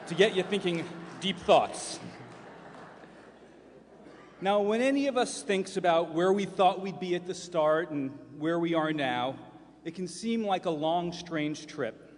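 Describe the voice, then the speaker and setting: A man in his fifties giving a formal speech as county chairman from a podium, measured and emphatic, repeating key lines. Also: sits high, a little hiss or hum. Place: large event hall. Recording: long hall reverb from a public forum.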